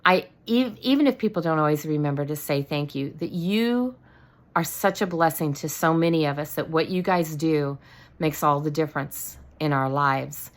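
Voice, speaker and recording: An older woman chatting through a faith story in a rambling way, full of restarts and "you know," and lively when amazed. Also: low-pitched, normal speed. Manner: excitable, animated when amazed. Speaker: faith talk show host. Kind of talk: casual faith testimony storytelling.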